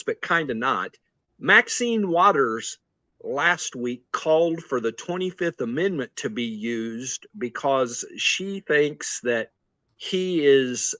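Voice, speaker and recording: A man's voice: fairly high pitch, bright, forceful tone, no echo. A man co-hosting a casual political talk show with chuckling, easygoing commentary. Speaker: co-host.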